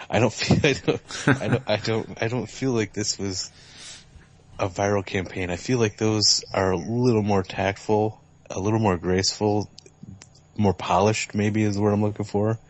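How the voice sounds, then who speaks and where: A young man with a very low voice chatting about games on a podcast. He stumbles over his words and restarts his sentences, and his language is blunt and crude. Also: fairly even intonation, moderate pace, lo-fi sound. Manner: stammering, crude, repeats himself. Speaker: podcast co-host. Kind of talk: casual gaming chat.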